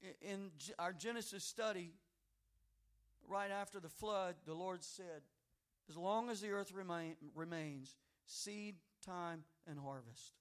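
A male pastor preaching a sermon, telling a story quietly and then rising to loud, fervent exhortation. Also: high-pitched, a little slow.

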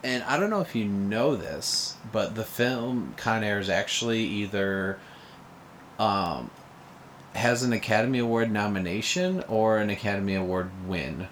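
A young man with a fairly low voice talks loosely and at length in an easygoing chat, leaning on fillers and breaking into laughs. A faint hum of room ambience sits under him. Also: a little slow, fairly bright tone. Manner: rambling, lots of filler "like", laughs often. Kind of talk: casual podcast chat about movies.

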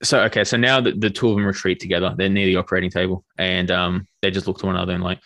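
A man's voice: sits low, little pitch movement, very fast, gravelly, hardly any pauses, fairly bright tone, dry recording. A man narrating as game master of a tabletop game, rambling and restarting his sentences. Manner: rambling, full of fillers and restarts.

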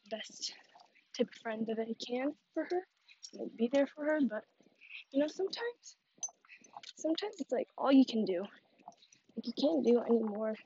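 A young woman talks into her phone while walking outside, rambling through gossip with plenty of fillers. Her voice sits high. The recording is a bit muffled and lo-fi, with faint noise behind her. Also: mellow. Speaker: vlogger. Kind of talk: casual fake phone chat while walking. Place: outdoors on a neighborhood walk with a dog. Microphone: phone held while walking.

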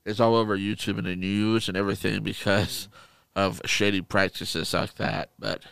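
A man co-hosting a podcast, telling stories in casual chat, animated and profane. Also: fairly low pitch, normal speed, vocal fry, smooth. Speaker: podcast co-host.

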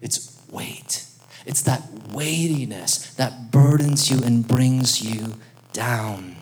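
A man preaching a sermon in a lively, conversational way, joking with the congregation and calling on them to respond. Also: medium pitch, slow pace. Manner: lively, conversational preaching with jokes and audience interaction. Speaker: pastor.

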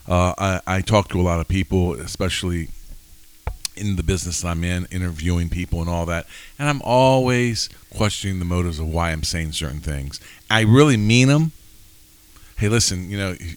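Low-voiced rambling male podcast host. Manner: rambling, self-questioning, jokey. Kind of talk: casual faith podcast chat.

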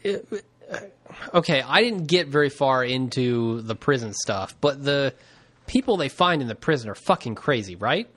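A man's voice: medium pitch, expressive, moderate pace, a bit bright. Laid-back podcast co-host man. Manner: laid-back, laughing easily, dry quips. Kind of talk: casual chat.

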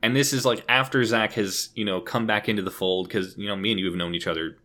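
A man's voice: lowish voice, steady tone, fast, sharp tone. A young man casually telling a story on a podcast, swearing freely and laughing often. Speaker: podcast co-host.

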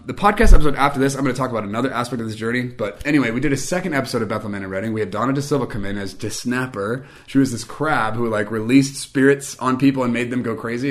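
Podcast host, man in his thirties, rapid casual storyteller who acts out quoted voices. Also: mid-range voice. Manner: animated, acts out quoted voices, frequent fillers.

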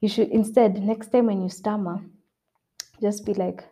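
A woman's voice: medium pitch, steady tone, moderate pace, long pauses, warm tone, slightly rough. Earnest young woman giving self-help advice. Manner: earnest, repeats points for emphasis. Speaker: podcast host. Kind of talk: motivational self-help talk.

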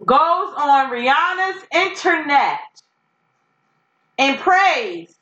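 Podcast co-host, woman, higher voice, excitable, leads the topics, lo-fi. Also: very slow. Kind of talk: casual chat. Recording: echoey room, dull lo-fi sound.

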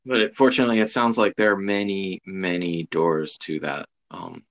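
A man's voice: deep voice, fairly even intonation, moderate pace, a bit bright. A man hosting a podcast interview, thoughtful and searching for words as he responds. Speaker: podcast host. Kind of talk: conversational interview.

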